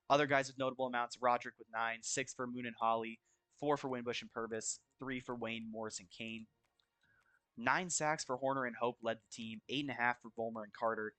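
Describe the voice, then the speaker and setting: A man's voice: medium pitch, fairly bright tone, no echo. A man casually reading out season stats for his video game team, listing numbers with fillers and self-corrections. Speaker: gaming video creator. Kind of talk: casual stat-reading commentary.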